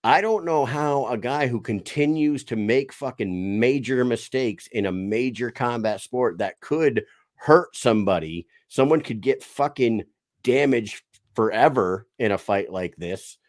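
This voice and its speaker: A man's voice: medium pitch, no echo, studio quality. A man co-hosting a casual fight-sport podcast, blunt and exasperated, swearing freely. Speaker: podcast co-host.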